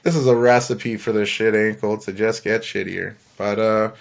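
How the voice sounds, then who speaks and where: A man's voice: lowish voice, fairly even intonation, moderate pace, gravelly. A young man from Canada hosting a podcast, telling a rambling story alone, laughing often and swearing freely. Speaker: podcast host. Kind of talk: casual storytelling monologue.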